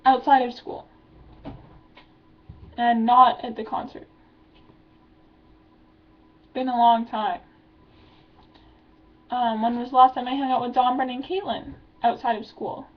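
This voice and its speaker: Stressed teen girl with a slightly high voice, venting in a rambling vlog, muffled low-fi sound. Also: steady tone, measured pace, long pauses. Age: teenager. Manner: rambling, filler-heavy, anxious venting. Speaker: vlogger. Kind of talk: confessional video diary.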